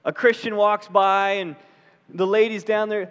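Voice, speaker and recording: High-voiced, animated preacher in a hall. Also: male voice, normal speed, clean tone, lo-fi sound. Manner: animated storytelling preacher, acts out voices in his story. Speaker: pastor. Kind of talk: sermon.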